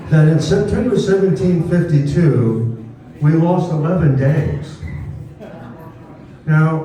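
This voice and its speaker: A man's voice: a little high, mellow. A man giving a folksy, informal public talk to an audience at a birthday celebration, now and then leading the crowd to repeat after him. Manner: folksy, leads the crowd in call and response. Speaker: speaker at a historical birthday celebration. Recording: distant, very echoey room.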